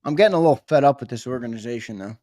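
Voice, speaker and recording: A man co-hosting a sports talk show, speaking in a relaxed, blunt way with the occasional curse. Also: medium pitch, racing, dry recording, clean studio sound. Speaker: co-host.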